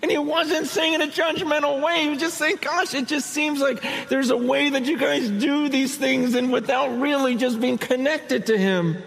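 A man's voice: very high-pitched, steady tone, normal speed, vocal fry, hardly any pauses, fairly bright tone, long reverb tail, low-quality recording. A man preaching a sermon in an earnest, conversational way, often acting out quoted words. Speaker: pastor.

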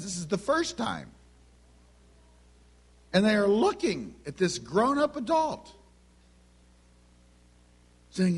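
A middle-aged man preaching a sermon, telling stories with lively delivery and acting out the voices of the people in them. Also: high-pitched, slow pace, vocal fry, long pauses, husky. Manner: animated storytelling, acts out quoted voices.

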